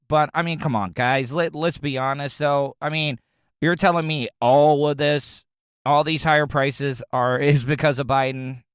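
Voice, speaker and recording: A man's voice: medium pitch, a bit bright, smooth, no room sound, studio quality. A man from Florida hosting his own podcast, riffing in a crude, sarcastic, rambling way. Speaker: podcast host. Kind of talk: casual comedic commentary.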